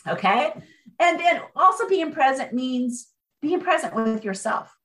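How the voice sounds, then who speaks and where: A woman author being interviewed, speaking in an energetic, motivational way and driving her points home with repetition. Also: sits high, unhurried, poor audio. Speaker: author guest. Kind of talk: conversational interview.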